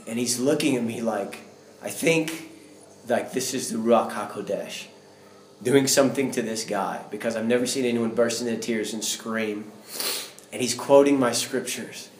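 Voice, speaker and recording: A man's voice: mid-range voice, slight background noise. A man giving an earnest personal faith testimony that builds into fervent, preacher-like outbursts. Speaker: guest sharing a faith testimony. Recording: roomy echo.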